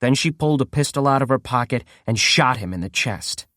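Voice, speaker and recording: A male audiobook narrator telling a grim story with lively rises and falls in pitch. The recording is close and dry, with no room sound. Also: fairly quick, no room sound. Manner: steady first-person storytelling.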